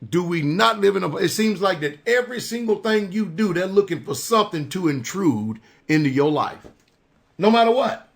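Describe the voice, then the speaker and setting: A man's voice: high-pitched, lively intonation, normal speed, vocal fry. A man hosting a religious radio talk show, speaking casually and repeating himself for emphasis. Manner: preacherly, repeats phrases for emphasis.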